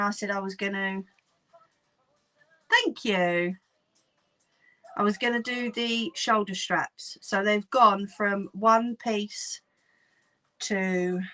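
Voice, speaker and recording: Slow-talking Cockney woman. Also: mid-range voice, a bit bright, rough recording. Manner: chatty, laughs often, talks to viewers while working. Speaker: sewing livestream host. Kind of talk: casual live sewing chat.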